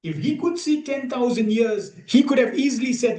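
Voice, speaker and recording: A man giving an emphatic devotional talk to a gathered group, pausing often and asking rhetorical questions, streamed live. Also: very high-pitched, big pitch swings, darkish tone. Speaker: spiritual teacher. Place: room with a gathered audience. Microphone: streamed live over video call. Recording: echoey room.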